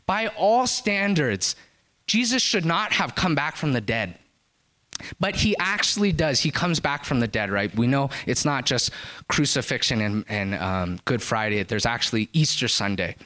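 Animated male preacher telling a story. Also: normal speed. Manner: animated storyteller, rises to high excited pitch at climaxes. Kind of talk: sermon with storytelling.

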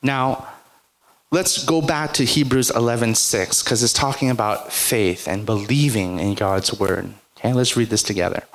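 Preaching at a normal speed with a medium-pitched voice, the man shares stories from his own life. The pastor's delivery is casual and narrative, sprinkled with frequent "right?" and "like".

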